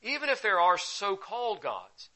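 A man preaching a sermon, teaching with sudden bursts of loud emphasis that drop into quiet asides. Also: high voice, sing-song, moderate pace, rough recording. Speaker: pastor.

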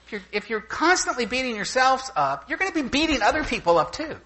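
An older male preacher delivering a sermon in a high, bright voice. He tells stories in an animated way, swooping widely in pitch and chuckling along. His tone is forceful and sharp. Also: fairly quick, poor audio. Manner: animated storyteller who laughs through anecdotes. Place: church gathering with a live audience.

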